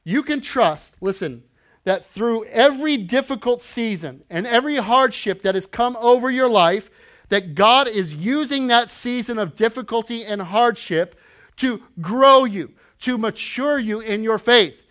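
High-voiced man in his forties preaching. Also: lively intonation, unhurried. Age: 40s. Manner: conversational, often adds "right?"; swings from quiet asides to loud emphatic lines. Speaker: pastor. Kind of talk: sermon.

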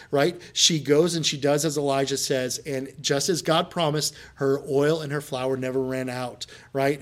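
Male pastor, sermon delivery, conversational retelling that builds to emphatic points, slightly high pitch. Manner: conversational storytelling, rising to emphatic preaching.

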